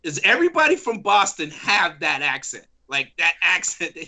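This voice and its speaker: A man co-hosting a talk show, asking curious, halting questions and laughing easily. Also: high voice, sing-song, crowd noise. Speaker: podcast co-host. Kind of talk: casual chat.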